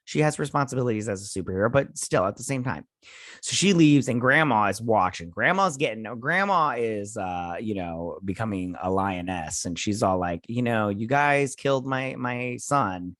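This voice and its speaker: A man's voice: on the low side, expressive, moderate pace, a bit bright, dry recording, clean studio sound. A man hosting a casual TV episode recap, rambling and paraphrasing scenes as he goes. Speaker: host.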